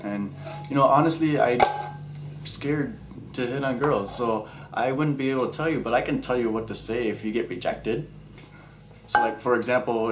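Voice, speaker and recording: Playful male vlogger, offhand and jokey, echoey room. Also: lowish voice. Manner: jokey, playful, puts on silly quoted voices. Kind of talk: casual rambling vlog. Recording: echoey room with faint background hum.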